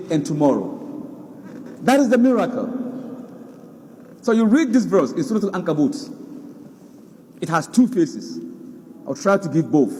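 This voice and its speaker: A man's voice: high voice, a little mellow, in a large hall. A man preaching a sermon, emphatic, repeating words for stress. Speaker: Islamic preacher. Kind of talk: sermon lecture.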